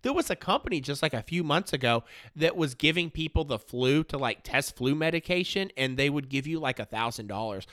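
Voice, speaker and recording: Rambling, lively podcast host, a man. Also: on the high side, brisk, few pauses, no echo, clean studio sound. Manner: rambling and joking, heavy use of "like". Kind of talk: casual chat.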